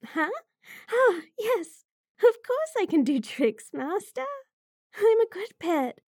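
Girl doing a needy puppy-girl, whimpery, mellow and a bit gravelly, dry close sound. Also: very high-pitched, big pitch swings, slow pace, dry recording, heavily acted. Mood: eager. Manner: whimpering, giggly, breathless. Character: eager young puppy-girl, fawning and submissive. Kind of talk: adult audio role-play.

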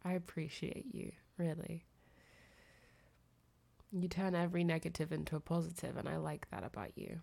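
A young woman, sick and nasal with a fever, talking softly and intimately in a girlfriend phone-call role-play, often giggling and trailing off. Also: low voice, moderate pace, vocal fry, long pauses. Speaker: audio creator.

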